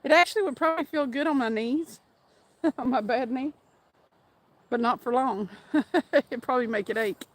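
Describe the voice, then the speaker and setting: Chatty high-voiced woman outdoors. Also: moderate pace, long pauses. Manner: chatty, laughs often, reads viewer names aloud. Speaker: fishing livestream host. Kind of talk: casual live-stream chat. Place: outdoors by a fast trout stream.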